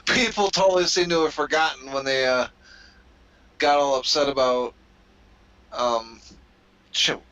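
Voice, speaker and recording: Brief: male podcast co-host, bright voice, crude laughing banter. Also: medium pitch, unhurried, long pauses, low-quality recording. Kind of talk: casual chat watching wrestling.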